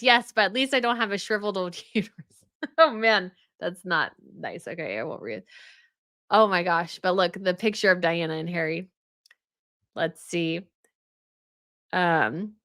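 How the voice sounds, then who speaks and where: Reading viewer comments out loud and laughing frequently, this royal news livestream host keeps things casual and chatty. She has a sharp, medium-pitched voice, and the studio sound is clean and dry.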